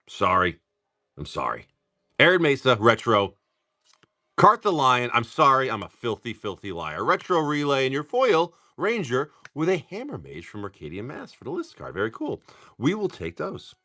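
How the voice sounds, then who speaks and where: A man's voice: mid-range voice, bright, forceful tone. A man hosting a live stream where he opens card packs, chatting casually and upbeat with viewers, greeting them by name and swearing freely.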